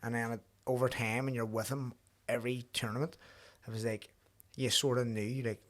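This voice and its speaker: A man's voice: mid-range voice, little pitch movement, fairly bright tone. A young man, hosting a casual podcast chat and telling stories, swearing freely and quoting himself. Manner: rapid, swearing, storytelling with quoted asides. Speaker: podcast host, professional boxer.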